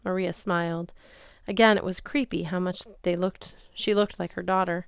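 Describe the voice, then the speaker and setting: A woman narrating a story in the first person with steady, expressive reading. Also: fairly low pitch, moderate pace, gravelly, clear, resonant tone, dry recording, studio quality. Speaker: audiobook reader.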